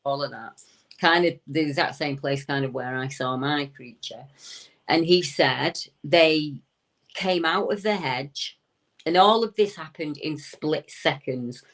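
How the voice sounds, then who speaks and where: A woman's voice: low voice, measured pace. A woman from the United Kingdom, a guest recounting a witness's encounter in conversational storytelling, acting out the quoted words of the people in her tale.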